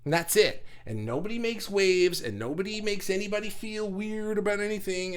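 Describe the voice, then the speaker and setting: A middle-aged man from New York chats on a livestream, talking fast and rambling as he reads comments. His voice sits a little high, and it leaps up and down in pitch. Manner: fast, animated and rambling, with big pitch jumps. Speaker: group host reading comments. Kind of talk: casual livestream chat.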